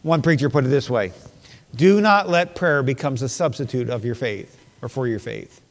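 A man's voice: medium pitch, normal speed. A male pastor preaching a sermon, building to emphatic bursts and repeating key phrases. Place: church sanctuary. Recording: long reverb of a church hall.

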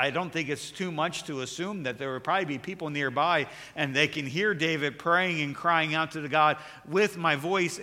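A pastor preaching a sermon, earnest and building to emphatic, raised passages with repeated words. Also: male voice, fairly high pitch, sharp tone. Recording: long hall reverb.

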